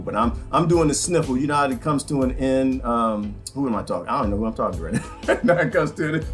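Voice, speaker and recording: A man hosting a rambling livestream monologue, animated and joking, laughing often. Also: medium pitch.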